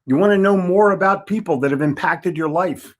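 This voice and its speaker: This Philadelphia man in his seventies, a sales trainer, speaks fairly quickly in a voice that sits high. His motivational talk is folksy and blunt, driving points home through repeated words.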